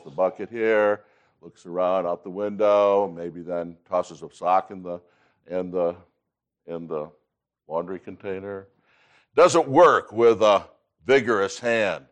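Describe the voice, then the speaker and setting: Teaching a Bible class, this deep-voiced man in his sixties reads passages of scripture forcefully, pausing often to clear his throat.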